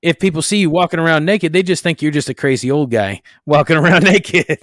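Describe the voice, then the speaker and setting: A man's voice: on the high side, fairly quick, fairly bright tone, dry recording, studio quality. A man co-hosting a podcast in casual chat, talking loosely and laughing often. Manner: chatty, laughs often, repeats himself. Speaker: podcast co-host.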